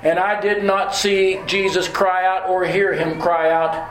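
A fervent apostle Peter, a grown man declaring himself in the first person, as a male preacher puts him on. The voice sits high and rings through an echoey room. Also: level tone, a little slow, a bit bright. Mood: solemn.

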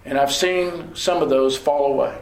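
A man preaching a sermon with deliberate, repetitive emphasis. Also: medium pitch, fairly even intonation, roomy sound, rough recording.

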